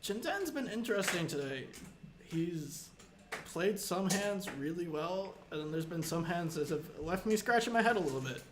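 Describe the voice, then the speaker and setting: A man's voice: high-pitched, sing-song, moderate pace. Analytical male poker commentator, echoey room. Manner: analytical, hedging with "I think". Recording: echoey room with background noise.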